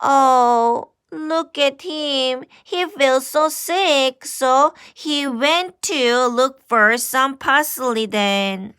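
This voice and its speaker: A woman's voice: high-pitched, extremely slow, hardly any pauses, a bit bright, smooth, no room sound, studio quality. A woman with a Korean first language reading a picture book aloud to children as their English teacher, exclaiming and asking the listener questions.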